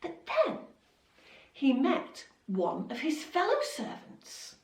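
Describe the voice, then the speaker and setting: A woman telling a Bible story to children in an expressive, dramatic way. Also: high voice, slow. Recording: echoey room, voice from a distance.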